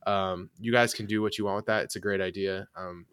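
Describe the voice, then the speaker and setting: A man hosting a casual movie podcast, animated and laughing often, restarting his sentences. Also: sits low, brisk, clean tone, no room sound, studio quality. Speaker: podcast host.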